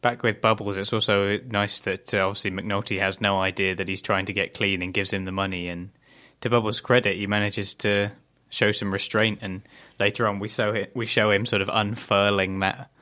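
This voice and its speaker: A man's voice: on the low side, little pitch movement, moderate pace, hardly any pauses, bright, forceful tone. A young man co-hosting a casual TV recap podcast, thoughtful and hesitant with many fillers. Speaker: podcast co-host.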